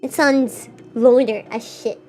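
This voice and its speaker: A woman's voice: on the high side, steady tone, slow, warm tone, faint music behind. A young woman streaming live, casually chatting with viewers in a playful, teasing way and often stammering over her words. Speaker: VTuber streamer. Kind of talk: casual live-stream chat reading super chats.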